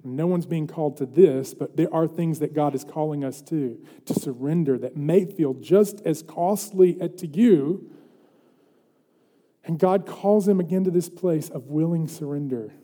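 A man's voice: a little high, a little slow, dark tone. Man preaching in a reverberant hall. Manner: earnest preaching, rising to emphatic questions. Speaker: pastor. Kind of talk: sermon.

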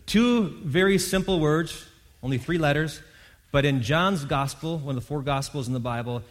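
A man preaching a sermon in a relaxed, conversational way, often restarting and acting out quotes. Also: on the high side. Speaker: pastor. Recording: long hall reverb.

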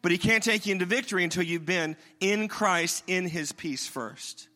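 A high, bright-voiced middle-aged man preaches in a casual, energetic way, joking along as he teaches. His voice carries a long reverb, as if spoken into a large church sanctuary. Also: normal speed. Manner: conversational, energetic preaching with humorous asides. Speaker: pastor. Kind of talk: sermon.

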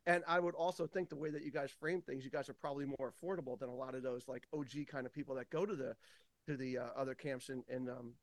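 A man's voice: mid-range voice, fast, no echo. A man in his fifties, a day camp owner and podcast host, chatting as a guest and telling stories with acted-out quotes and free swearing. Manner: animated storyteller, swears freely, acts out quotes. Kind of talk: casual podcast conversation.

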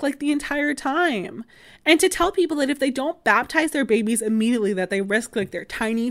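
A woman's voice: on the high side, a bit bright. A woman around thirty hosting a history podcast, explaining in a casual, chatty way full of "like" and "um", with wry asides. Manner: chatty, many fillers like "like" and "um".

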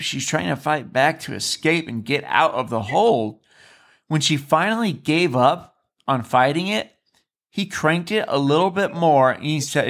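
The fairly bright, medium-pitched voice is that of a podcast guest, a former resident. He recounts stories in a casual, sincere manner, with lots of repetition and restarted sentences.

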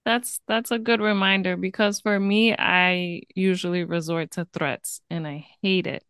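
A woman's voice: lowish voice, steady tone, unhurried, fairly bright tone, smooth, no echo, clean studio sound. A woman co-hosting a parenting podcast, talking in an earnest, candid and upbeat way. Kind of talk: casual podcast chat.

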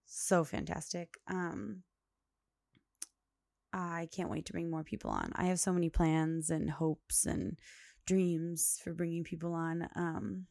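Gravelly low-voiced woman podcasting solo. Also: dark tone, dry recording, studio quality. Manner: rambling, chatty, many fillers and laughs. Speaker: podcast host. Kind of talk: casual solo monologue.

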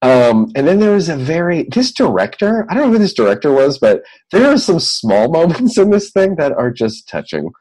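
Animated joking man recapping a film. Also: on the high side, moderate pace, hardly any pauses, husky, poor audio. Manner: animated, joking, rambling with frequent laughs. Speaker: podcast co-host recapping a film. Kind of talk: casual chat.

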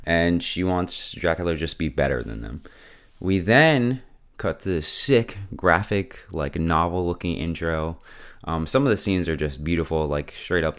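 Male host, deep and smooth, slangy laid-back recap with frequent chuckles. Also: fairly bright tone. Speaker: show host. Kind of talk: casual episode recap.

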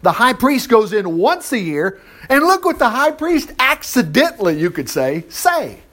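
A preacher, teaching a Bible passage in a chatty sermon full of rhetorical questions. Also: male voice, very high voice, sing-song, a little slow, fairly bright tone.

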